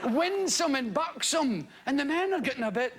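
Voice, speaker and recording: A Scottish man on a theatre stage tells a rambling, mocking comedy routine. His pitch leaps and dives as he goes. Loud noise covers the live recording. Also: moderate pace. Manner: rambling, mocking, lively storytelling. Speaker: stand-up comedian. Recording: loud noisy live stand-up recording with audience laughter.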